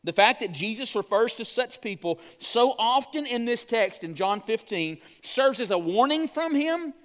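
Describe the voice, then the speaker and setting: A man preaching a sermon as pastor, earnest and speaking straight to his church, slowing down on key phrases. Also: very high voice, animated, fairly bright tone. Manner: earnest, addresses the congregation directly.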